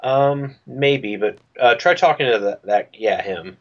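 A man co-commenting on a game playthrough, laid-back, giving brief replies and quiet laughs. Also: medium pitch, unhurried, highs cut off. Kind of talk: casual gameplay commentary.

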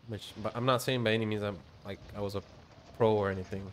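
A man's voice: lowish voice, fairly even intonation, fast. A man streaming a shooter game, rambling in casual commentary, muttering to himself and swearing now and then. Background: gunfire from the game.

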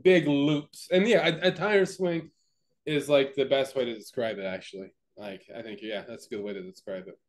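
A man's voice: mid-range voice, moderate pace. A young man co-hosting a podcast, telling a story in casual chat with many fillers, restarts and swearing. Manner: rambling, profane, lots of fillers and restarts. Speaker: podcast co-host.

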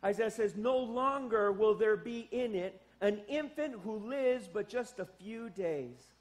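High-voiced animated pastor preaching. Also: male voice, unhurried. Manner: animated, joking asides, rising to emphatic exclamations. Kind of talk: sermon. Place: church sanctuary.

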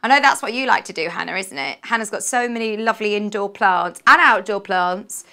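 A young British woman presenting on a live shopping channel, bubbly and chatty, with quick asides and self-corrections. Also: medium pitch, sharp tone. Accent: British English. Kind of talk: live TV selling chat. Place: TV studio.

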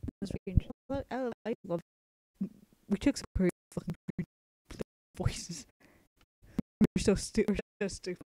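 A woman's voice: medium pitch, unhurried, pauses often, dark tone, rough recording. A young woman on a casual livestream, joking and swearing between laughs, then reading a novel aloud. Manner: giggly, swearing, self-mocking banter. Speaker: streamer.

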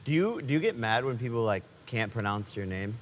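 A man's voice: medium pitch, sing-song, a little fast, in a large hall, slight background noise. A young man hosting a podcast, introducing a guest with hyped, jokey energy. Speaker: host. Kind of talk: casual podcast chat.

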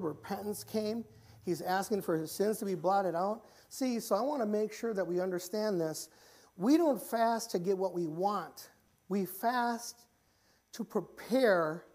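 A man preaching a church sermon, often repeating and restarting phrases and rising in pitch and volume when he reaches the pleading passages. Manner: grows louder and higher when pleading passages. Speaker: pastor. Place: church sanctuary.

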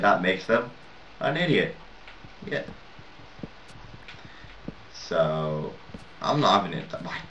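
A man's voice: lowish voice, fairly bright tone, a little hiss or hum. A man giving casual let's-play commentary while building, rambling, self-mocking and swearing a lot. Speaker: gaming video maker. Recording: roomy, distant, dull, lo-fi mic.

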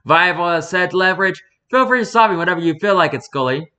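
A man's voice: high voice, expressive, quick pace, sharp tone. A man voicing a mocking, talkative male circus performer who rambles theatrically, read from an interview. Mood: rambling. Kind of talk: reading an interview aloud in character.

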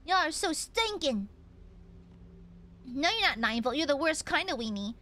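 A young woman streamer chats with her audience in a very high voice that swoops up and down. She teases viewers and thanks them for donations, playful and animated. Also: dry recording. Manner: playful, teasing, reads out donations; animated, quick pitch jumps. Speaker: VTuber streamer. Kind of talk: casual live-stream chat while gaming.

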